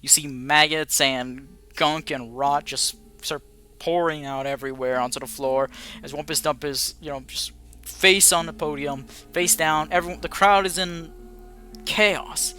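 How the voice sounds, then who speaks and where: Bright-voiced man running a tabletop game. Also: a little high, steady tone, normal speed, faint music behind. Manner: casual, swearing, rambling narration. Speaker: game master.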